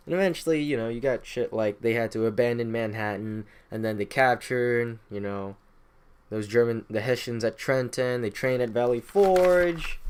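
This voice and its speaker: A man recaps history in a loose, joking way, swearing freely. His voice has a middle pitch, and he talks offhand, like he is chatting with friends. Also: darkish tone, smooth. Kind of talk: casual profane history summary.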